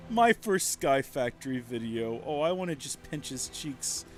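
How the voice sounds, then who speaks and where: Man, thirties, casual let's-play chatter, self-mocking, mid pitch, faint music. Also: normal speed. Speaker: streamer.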